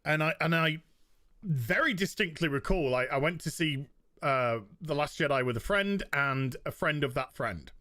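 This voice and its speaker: A man with a fairly high voice tells a story with lots of energy, swearing and restarting his sentences as he goes. The sound is dry and close, as on a podcast chat. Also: normal speed, no room sound. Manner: animated storytelling, profane, many restarts. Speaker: podcast co-host. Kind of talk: casual chat.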